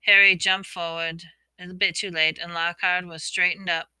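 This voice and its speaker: A woman reads a storybook aloud in a very bright, crisp voice, with a lowish pitch. She plays up the characters' shouts and hushed lines as she goes. The sound is close and dry. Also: little pitch movement, normal speed, no room sound. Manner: reads expressively, voicing characters' shouts and whispers. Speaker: audiobook reader.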